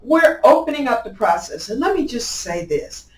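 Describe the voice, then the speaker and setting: Upbeat middle-aged woman in echoey room. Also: normal speed. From Illinois. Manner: emphatic and upbeat, with lively swings in pitch and loudness and frequent restarts. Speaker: county clerk, interview guest. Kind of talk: conversational interview answers. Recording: echoey room, mic at a distance.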